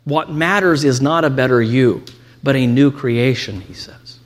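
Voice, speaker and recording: A man's voice: medium pitch, measured pace. A man teaching a lecture on scripture, reading quotations aloud and adding ironic asides. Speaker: Bible teacher.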